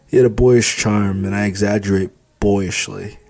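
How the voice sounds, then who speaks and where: A man with a low voice reads his own novel aloud, telling the story in the first person. His audiobook narration is steady and even. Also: moderate pace, gravelly. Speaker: author reading his novel.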